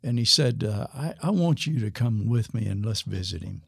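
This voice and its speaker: A man's voice: lowish voice, lively intonation, creaky, husky, no echo, studio quality. An older man, a former missionary pastor, telling a story in an interview and acting out the lines of the people in it. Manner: unhurried storytelling that acts out quoted dialogue.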